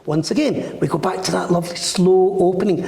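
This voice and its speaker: A psychic medium on a podcast interview talks a little fast in a high, gravelly voice. He brings his stories to life animatedly, imitating the people in them, all captured in a reverberant, roomy recording.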